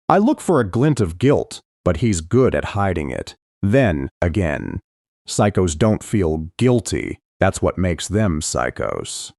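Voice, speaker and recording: A man reading a first-person thriller audiobook with expressive, tense storytelling. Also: deep voice, slow, dry recording, studio quality. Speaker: audiobook narrator.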